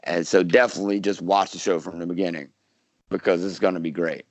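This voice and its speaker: A man talks through a casual interview in a lowish voice, wandering and restarting his sentences with plenty of fillers. The sound is dry and close, with no room around it. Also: fairly even intonation, quick pace, no echo. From South Carolina, US. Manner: rambling, many fillers and restarts. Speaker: actor, podcast guest.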